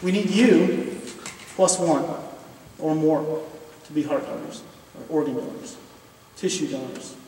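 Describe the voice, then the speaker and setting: Pleading earnestly with his chapel audience, this middle-aged professor speaks at a measured pace with long pauses, in a slightly high, darkish voice. The recording is distant, with long reverb from the large hall and a little hiss or hum.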